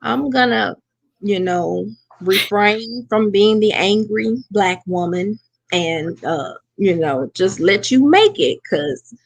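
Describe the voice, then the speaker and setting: Woman, co-host, casual chat, animated storyteller, mid pitch, dry close recording. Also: slow, vocal fry, no room sound.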